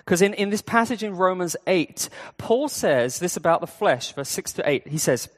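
A man's voice: high voice, expressive, normal speed. Conversational preacher, man, echoey church. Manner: conversational, with fillers and restarts. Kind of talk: sermon.

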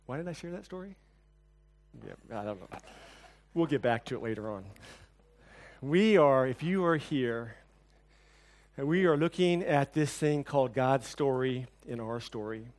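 A man preaching a sermon, telling a personal story with lively, animated delivery that drops to hushed, somber tones. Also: medium pitch, unhurried, long pauses. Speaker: pastor.

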